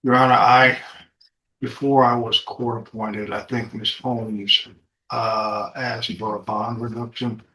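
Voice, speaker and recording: Halting man defense attorney, bright tone. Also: mid-range voice, flat delivery, poor audio. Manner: halting, repeats himself. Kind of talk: questioning a client in court. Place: courtroom.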